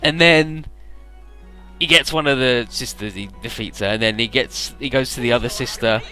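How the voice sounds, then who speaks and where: A man's voice: mid-range voice, normal speed, pushed and bright, soft background music. A man giving casual let's-play commentary, rambling through retellings with swearing.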